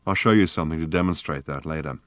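An eccentric older scientist, calm and earnest, lecturing in a very low, deep voice, as a man reads him out in an audiobook. The sound is dry and close, with no room around it. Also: fast, no room sound. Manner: earnest, lecturing, calmly reflective.

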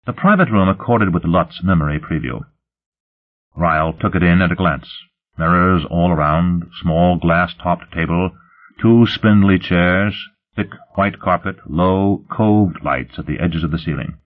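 A man narrating a science fiction story in an expressive storytelling manner, over a tinny phone-like line. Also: low voice, measured pace. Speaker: audiobook narrator. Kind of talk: scripted narration.

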